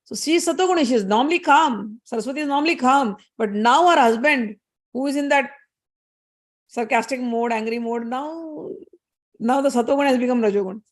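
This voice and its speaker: Female spiritual teacher, storytelling discourse, conversational and explanatory, slightly high voice. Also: fairly quick. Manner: conversational, explanatory, with fillers and asides.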